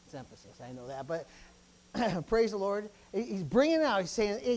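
A man's voice: normal speed, poor audio. Man preaching, emphatic and swinging. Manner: emphatic, repetitive preaching with frequent interjections; lively, swinging between loud bursts and low asides. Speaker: pastor. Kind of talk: sermon.

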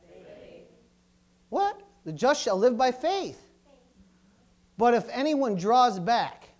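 A middle-aged man with a high voice preaches a sermon using call-and-response and repeated hallelujahs. He swings from loud exclamations to soft asides.

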